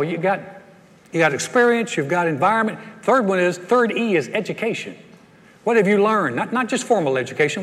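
Pastor in his sixties, folksy storyteller with a high voice, recorded in a reverberant hall. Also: a bit bright. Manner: folksy storytelling, frequent stammered repeats. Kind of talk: sermon.

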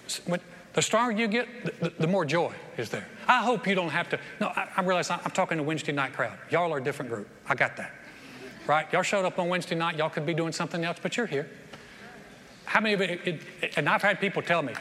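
Bright-voiced preacher in an echoing church. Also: male voice, a little high, brisk. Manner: animated storytelling with repeated restarts. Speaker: pastor. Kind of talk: sermon. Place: church sanctuary. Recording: long church hall reverb, faint noise.

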